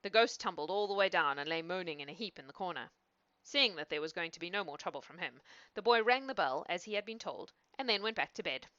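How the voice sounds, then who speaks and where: A woman reading a fairy tale aloud in a lively, expressive way. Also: on the low side, quick pace, no echo. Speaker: storyteller. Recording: dull, dry lo-fi recording.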